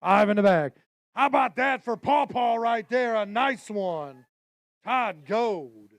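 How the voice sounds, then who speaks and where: An energetic male announcer calls out catch weights with a high-pitched voice. He jokes with anglers and spectators at a live weigh-in, and the sound is dry and close. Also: slow, no room sound. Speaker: weigh-in emcee.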